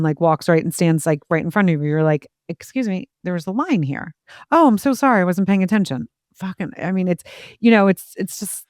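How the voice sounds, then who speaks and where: A woman hosting a podcast in casual conversation, candid with quick asides and casual swearing. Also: low voice, darkish tone, no room sound, clean studio sound. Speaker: podcast host.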